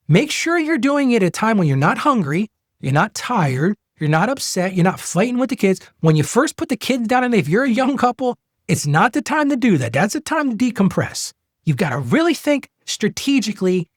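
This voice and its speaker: A middle-aged man with a husky voice gives earnest advice on money and marriage. His pitch swings widely as he coaches and repeats key phrases for emphasis, and the recording is dry and close. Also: very animated, moderate pace, no echo. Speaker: podcast host. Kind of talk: faith-based money advice talk.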